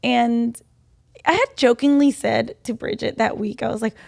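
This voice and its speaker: A woman's voice: fairly high pitch, fairly even intonation, normal speed, creaky, a little mellow, dry recording, studio quality. A woman in her late twenties, pregnant, telling a personal story in a chatty way with a lot of "like"s as a podcast co-host. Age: 20s. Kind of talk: casual chat.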